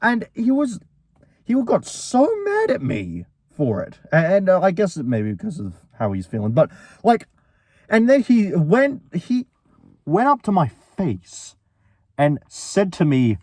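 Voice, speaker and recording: A young man with a fairly high voice tells a storytime in a casual, rambling way, tripping over restarts and filling in both sides of an argument. The sound is dry and close, with no room around it. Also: wildly swooping pitch, a little slow, darkish tone, no room sound.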